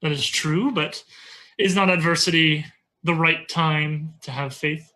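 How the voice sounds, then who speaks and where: A game master voicing a gruff, wise old male dwarf master who speaks slowly and calmly. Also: medium pitch.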